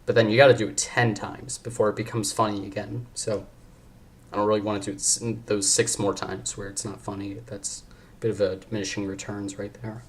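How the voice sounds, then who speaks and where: A young man with a lowish, fairly flat voice hosts a casual podcast at a brisk pace. He's rambling and jokey, prone to cutting himself off mid-sentence.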